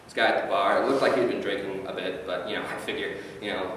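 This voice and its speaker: A man's voice: on the low side, steady tone, fast. Male comic, loose rambling storytelling, distant mic, big club echo, audience noise. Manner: rambling, playful, full of fillers. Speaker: stand-up comedian. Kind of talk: stand-up storytelling. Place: comedy club stage. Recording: echoey club sound from a far mic. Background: audience laughter.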